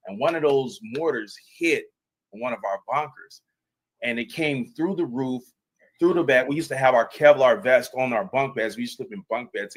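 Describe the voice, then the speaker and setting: A man's voice: mid-range voice, a bit bright, poor audio. Earnest male veteran telling a story. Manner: earnest, emphatic, many restarts. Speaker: panel guest, veteran. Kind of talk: storytelling on a live panel.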